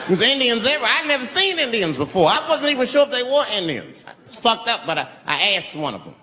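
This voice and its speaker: A man performing a stand-up comedy routine on a live stage, telling stories with big swings in pitch and volume. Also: wildly swooping pitch, quick pace, big-room sound, noisy background.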